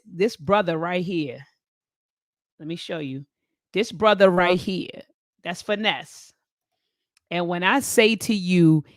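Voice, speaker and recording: A woman, hosting a casual talk show and telling a story, animated whenever she quotes others. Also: on the low side, no echo, clean studio sound. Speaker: host.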